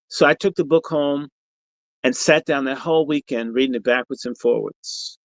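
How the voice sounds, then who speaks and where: The rough, dry recording captures a middle-aged man with a medium-pitched voice at a moderate pace. Hosting a podcast, he tells a story in a livestream monologue, animated, profane, combative and provocative.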